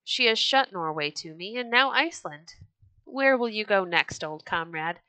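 A woman's voice: mid-range voice, animated, normal speed, sharp tone, smooth, no room sound, poor audio. A woman voicing a bold, hot-tempered red-bearded Viking chieftain in a storybook reading, with a hearty, declaiming manner. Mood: restless.

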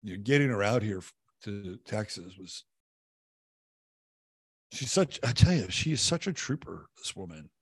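A man hosts a casual livestream in a lowish voice, rambling through viewer comments with loose fillers and restarts. He swears offhandedly and drifts between topics. The sound is dry and close, with no room around it. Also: expressive, moderate pace, long pauses, slightly rough, dry recording. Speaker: livestream host. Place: home, living in Texas.

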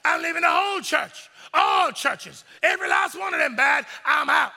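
Preacher doing a churchgoer guy yelling he's done with church, high bright voice, big echoey room. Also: big pitch swings, moderate pace, vocal fry, some chatter behind, heavily acted. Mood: indignant. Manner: shouted, indignant ranting. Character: hurt churchgoer man quitting church in a loud huff. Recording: long reverb in a large sanctuary.

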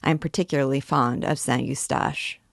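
A woman's voice: extremely low pitch, fairly even intonation, moderate pace, vocal fry, dry recording, studio quality, heavily acted. A woman voicing a furious, imperious male judge who scolds and sentences a prisoner. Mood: angry.

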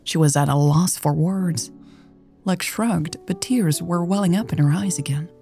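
A woman narrating a romance story in a calm, gentle and intimate reading. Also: on the low side, moderate pace, creaky, soft background music.

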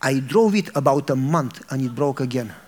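A middle-aged man from Romania, a pastor, telling a humorous personal story in a sermon, animated and laughing as he acts out his frustration. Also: mid-range voice, moderate pace.

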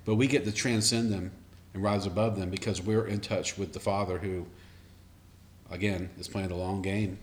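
A man's voice: deep voice, level tone, moderate pace, a little hiss or hum. A man hosting a casual faith conversation, reflective and thinking aloud. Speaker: host.

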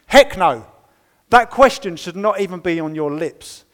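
A man preaching a sermon in a church, reading scripture and explaining it in a wry, conversational way, with sudden loud stresses and quiet asides. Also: sits high, normal speed. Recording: long reverb of a church hall.

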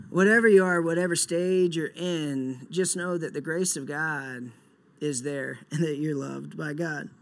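A young man preaching a sermon earnestly, moving between soft, slow passages and loud, emphatic bursts. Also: on the high side. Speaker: pastor.

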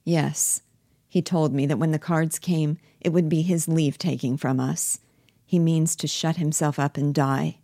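A lively, coaxing young wife of a stage drama with nerves just under the surface, as a woman reader plays her. The voice stays low and the sound close and dry. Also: unhurried, no room sound. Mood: anxious.

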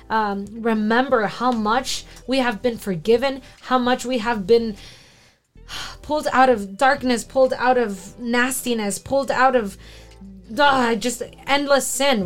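A woman with a rather high voice shares her thoughts in a casual faith discussion. She is chatty, leans on "like" and keeps apologizing for talking too much. Faint music plays underneath. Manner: chatty, fast, lots of "like", self-deprecating. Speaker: co-host.

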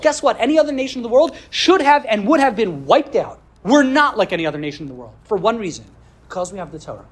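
A woman's voice: medium pitch, big pitch swings, fast talker, slightly rough. A woman teaching a Jewish history class for a podcast. She speaks earnestly, builds her points with rhetorical questions, and mixes in Hebrew religious terms.

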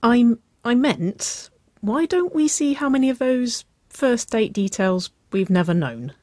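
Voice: medium pitch, animated, measured pace, a little mellow, no echo, clean studio sound, pitched above the performer's own voice, natural voice. A storyteller voicing a confident young woman on a first date, who grins and teases playfully. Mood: eager. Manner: grinning, playful teasing, flustered at times.

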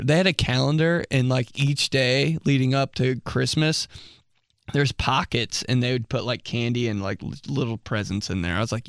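A man's voice: medium pitch, clean tone, dry recording, studio quality. A young man hosting a podcast, telling a rambling story in casual chat, full of "like"s, swearing and laughing as he talks. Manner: rambling, many "like"s, laughs often, swears freely. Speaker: podcast host.

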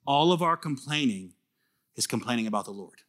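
A male pastor preaches a conversational sermon, acting out small quoted exchanges as he teaches. His mid-range voice moves fairly quickly, and his delivery is animated.

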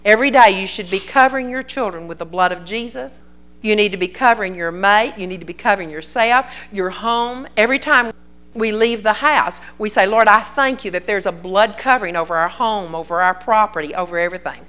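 A woman's voice: mid-range voice, a little fast, a bit bright. Older woman preaching a folksy sermon. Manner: earnest storytelling, folksy and conversational.

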